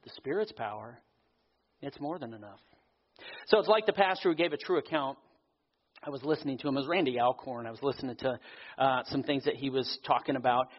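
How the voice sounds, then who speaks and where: A man preaching a sermon as pastor, earnest, slowing down for emphasis. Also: mid-range voice, breathy edge. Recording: dull audio with long hall reverb.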